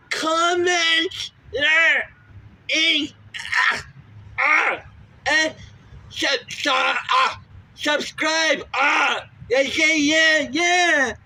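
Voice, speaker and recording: A halting, stoned male sidekick stumbles over every word in a strained falsetto, a man doing the voice. The squeaky words come out dragging and very slow, with a forceful edge. Faint hiss sits under the home recording. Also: full character voice, low-quality recording. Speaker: comic sidekick.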